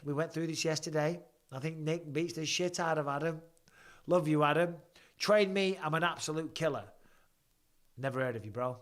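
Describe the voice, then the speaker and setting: Man, forties, fairly high voice, casual sweary fight chat. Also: a bit bright. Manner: swearing, chatty, answers viewer questions mid-fight. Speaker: fight companion livestream host. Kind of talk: casual live commentary and chat.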